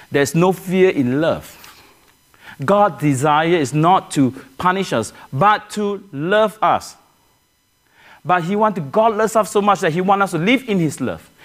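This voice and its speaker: A man delivers a sermon to his church in a high voice. His pitch rises and falls widely as he restarts phrases and turns to the congregation with questions. The tone is earnest throughout. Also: a bit bright. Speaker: pastor.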